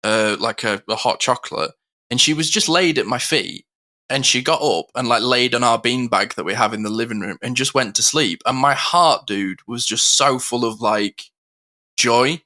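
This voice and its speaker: Man, podcast co-host, bright voice, heartfelt, rambling. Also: medium pitch, moderate pace. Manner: heartfelt, rambling with many fillers. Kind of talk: casual podcast chat.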